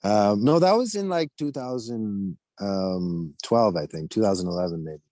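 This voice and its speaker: A man's voice: lowish voice, lively intonation, moderate pace, mellow, no echo, rough recording. A man speaking as a guest on a video call, recalling past trips in a rambling, hesitant way. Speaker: guest, former program leader. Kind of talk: casual interview chat.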